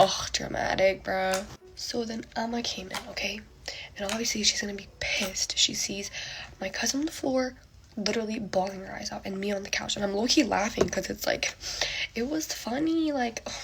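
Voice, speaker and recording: A young woman chatting through a get-ready-with-me storytime, full of fillers and breathy half-whispered asides as she acts out what everyone said. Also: medium pitch, background noise.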